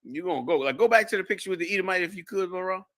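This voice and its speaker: A man's voice: high voice, racing, fairly bright tone, poor audio. A man co-hosting a radio show in casual chat, mocking and emphatic, often repeating himself.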